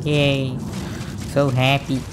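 A man giving excitable commentary over his own gameplay, cheering at kills and muttering asides between rounds. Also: medium pitch, drawn-out words, noisy background. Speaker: gaming YouTuber. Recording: game music behind voice.

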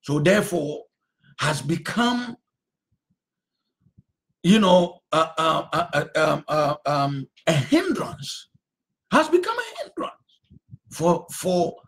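A man preaching a sermon as a pastor, emphatic and repetitive, sometimes rising to a shout. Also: on the high side.

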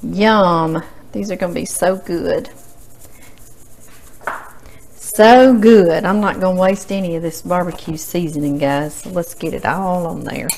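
A woman's voice: fairly low pitch, fairly even intonation, normal speed, gravelly, a little hiss or hum, low-quality recording. A woman hosting a home cooking demonstration, chatty and folksy, talking straight to her viewers. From Louisiana. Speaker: cooking show host. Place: home kitchen.

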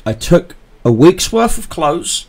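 A man hosting a podcast, telling a story in a profane, animated way. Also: on the high side, slow pace, vocal fry. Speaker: podcast host. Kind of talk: casual podcast chat.

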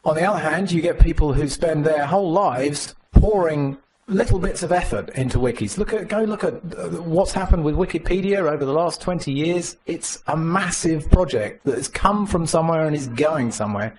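A man giving a live conference tech talk with a demo, animated and joking, talking to the audience. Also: fairly high pitch, moderate pace. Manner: animated, jokey, mimics others in voices. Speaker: conference speaker. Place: conference room.

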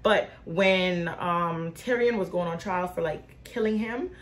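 A woman in her twenties of Haitian/Bahamian background speaks in a low voice at a measured pace. Recording on her phone camera for a question-and-answer vlog, she rambles casually with lots of fillers and slang, addressing viewers as "y'all."

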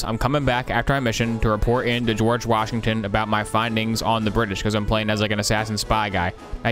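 A young man commenting on his own gameplay in a dry, mock-serious tone, his voice sitting at an ordinary middle pitch. Now and then he leaps into high, startled yelps. Faint music plays behind him. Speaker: streamer playing a game.

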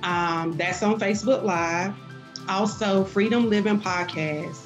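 A woman's voice: mid-range voice, slow, dull audio, music in the background. Fervent woman preaching in an interview. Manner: fervent, emphatic, dialect grammar, many um fillers. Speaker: podcast guest, minister. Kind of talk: preaching-style interview talk.

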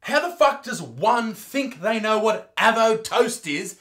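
A man's voice: high-pitched, expressive, takes it slowly, fairly bright tone. An Australian man doing a crude, mock-outraged comedy rant, reacting to clips.

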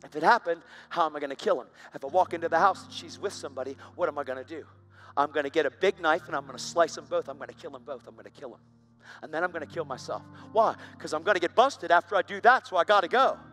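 A man's voice: a little high, fast talker, a bit bright, faint music behind. A man preaching, telling his own story in an intense, dramatic way. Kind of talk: sermon testimony.

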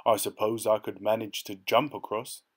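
A man's voice: fairly low pitch, flat delivery, normal speed, natural voice. A man voicing a frightened, cowardly male lion in a storybook reading, sobbing and hesitant. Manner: sobbing and trembling.

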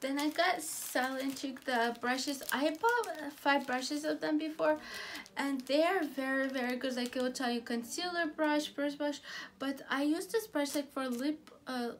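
A woman chatting casually through a beauty product haul, gushing and halting, with frequent restarts. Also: sits high, slight background noise.

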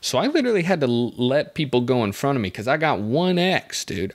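A man's voice: mid-range voice, big pitch swings, a little fast, hardly any pauses. A young man hosting a podcast, telling a story in a rambling, wry, self-interrupting way. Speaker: podcast host. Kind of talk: casual comedic storytelling.

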